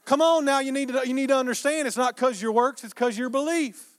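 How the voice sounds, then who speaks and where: A man's voice: very high-pitched, a little fast, voice pushed up. A man voicing an apostle as a folksy, scolding Texan with a drawling, teasing manner. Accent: Texas.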